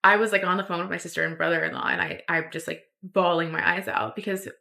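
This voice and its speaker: A woman's voice: lowish voice, fairly even intonation, quick pace, gravelly, sharp tone. A young woman telling a personal story on her podcast, rambling with lots of fillers and restarts. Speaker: podcast host.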